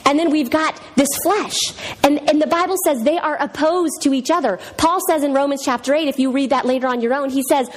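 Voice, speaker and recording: A middle-aged woman with a high, light voice gives a church talk, mixing scripture with funny stories from her family life. She is animated and theatrical, acting out each voice she quotes. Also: a little fast, hardly any pauses. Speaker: women's speaker. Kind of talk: humorous teaching talk with personal stories.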